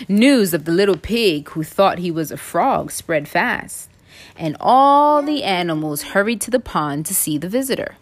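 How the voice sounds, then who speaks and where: Expressive mom reading a storybook aloud. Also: female voice, fairly low pitch, a little slow. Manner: expressive, playful, acts out voices. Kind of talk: children's storybook read-aloud.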